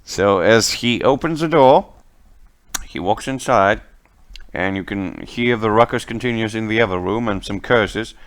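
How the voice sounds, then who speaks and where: A man running a tabletop game as game master, narrating the scene in an unhurried way. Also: lowish voice. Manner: unhurried, lively narration with laughs.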